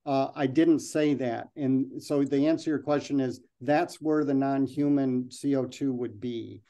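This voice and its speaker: A man's voice: mid-range voice, fairly even intonation, unhurried, mellow. A man giving a slide presentation and then answering questions, talking loosely with frequent ums and restarts.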